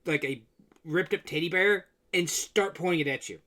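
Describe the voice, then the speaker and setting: A man's voice: a little high, normal speed, bright, forceful tone. A man narrating as game master in a casual tabletop session.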